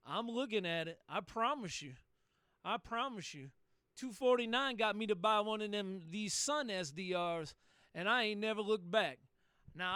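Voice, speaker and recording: A man's voice: sits high, bright, forceful tone, clean tone, no room sound, studio quality. A man chatting over CB radio in a folksy, salty way, repeating himself. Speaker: CB radio operator. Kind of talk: CB radio chat.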